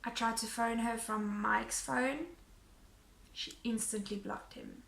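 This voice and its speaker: A woman vlogger telling a story in a casual, animated way, acting out what people said. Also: fairly high pitch, takes it slowly, gravelly, reverberant. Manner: animated retelling, acting out quotes.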